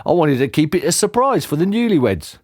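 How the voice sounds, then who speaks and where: A man's voice: on the high side, sing-song, a little fast, a little mellow, no room sound, clean studio sound, voice pushed up. A man reading aloud, voicing a cheeky, affectionate working-class dad who calls everyone mate.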